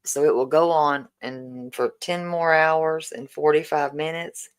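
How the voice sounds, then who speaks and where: Woman in her 40s, livestream host, slow unhurried delivery, emotional and grateful. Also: low voice, fairly even intonation, smooth, low-quality recording. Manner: warm, emotional, repeatedly thanking viewers. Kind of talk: casual livestream fundraiser chat.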